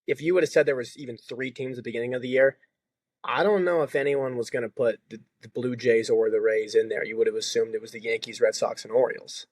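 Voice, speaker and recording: A man co-hosting a podcast, giving fast, steady opinions in casual chat. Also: mid-range voice, no echo. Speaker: podcast co-host.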